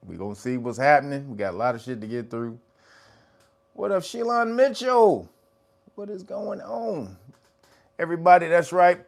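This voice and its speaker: A man hosting a casual livestream, greeting viewers by name, laughing often and swearing casually. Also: creaky. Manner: rises to a high, loud laughing voice when teasing. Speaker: livestream host.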